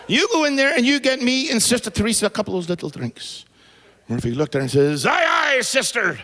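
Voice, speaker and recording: A man with an Irish accent telling a joke on a live concert stage, chatty and quick to laugh at his own punchline. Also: sits high, a bit bright. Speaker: folk band singer.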